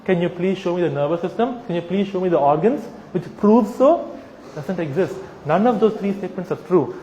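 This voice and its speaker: A man giving a humorous, persuasive talk to a live audience, animated and teasing, asking rhetorical questions. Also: sits high, brisk, a little hiss or hum. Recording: echoey hall with long reverb.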